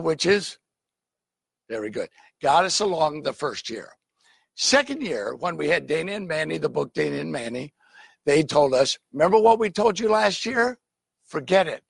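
Male pastor, slightly high, husky voice; animated teaching sermon with frequent check-ins. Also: no room sound.

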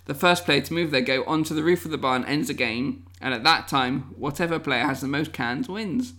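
A man's voice: a little high, normal speed, pushed and bright. A man co-hosting a casual chat, playfully reading out game descriptions and laughing often. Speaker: podcast co-host presenting a guessing game.

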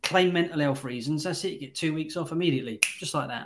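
A man's voice: a little high, fast talker, background noise. A man hosting a casual film review podcast, talking in a blunt, wry way and swearing freely. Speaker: podcast host.

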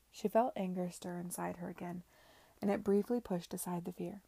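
A woman reading a novel aloud in a soft, half-whispered narration. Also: lowish voice, fairly even intonation, moderate pace, gravelly, breathy edge, no room sound. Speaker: reader.

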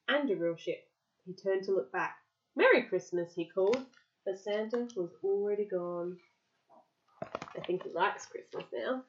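A woman reading a picture book aloud to a child, lively, pausing to explain words and answer questions. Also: mid-range voice, muffled recording.

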